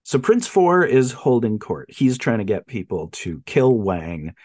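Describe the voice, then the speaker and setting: A man co-hosting a casual podcast, retelling a film with lively swings in pitch. He slips into quick impressions of the characters as he goes. The sound is dry and close, with no room around it. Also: no echo. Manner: animated retelling, acts out characters' lines. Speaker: podcast co-host.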